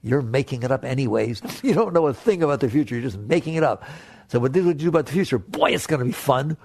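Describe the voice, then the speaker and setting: A man with a gravelly voice gives a spiritual talk, coaxing and direct with his listeners. He leaps into playful high tones, then drops to soft, low asides. The sound is dry and close. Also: very animated, quick pace, no room sound. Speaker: spiritual teacher.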